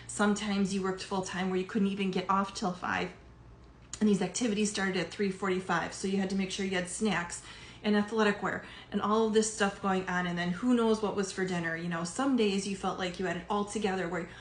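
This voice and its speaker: A woman's voice: mid-range voice, steady tone, fairly quick. A middle-aged woman, a life coach, talking casually to her audience with lots of fillers and some emotion. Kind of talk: casual monologue to camera. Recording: echoey room with faint background noise.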